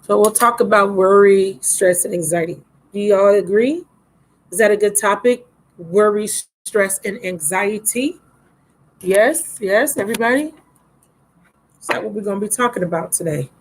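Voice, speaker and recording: A woman's voice: medium pitch, normal speed, poor audio. A woman giving a casual live tarot reading, chatty and affectionate with viewers, a little drowsy, recorded on a laptop mic. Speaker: tarot reader. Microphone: laptop microphone.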